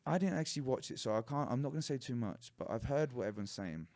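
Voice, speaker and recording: A man, a martial arts coach talking as a podcast guest, telling stories in a lively, animated way. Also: mid-range voice, fast. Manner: animated storyteller who acts out other people's lines. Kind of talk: casual storytelling interview.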